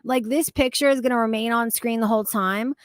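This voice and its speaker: A woman chatting casually on a livestream, animated and swearing freely as she rants. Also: fairly high pitch, brisk, no echo. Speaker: streamer.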